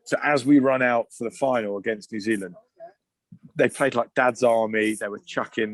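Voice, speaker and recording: A man in his thirties telling loose, animated rugby stories in casual podcast chat. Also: medium pitch, moderate pace, no room sound. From England. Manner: animated, swearing anecdotes with asides and restarts. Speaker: guest, former rugby player.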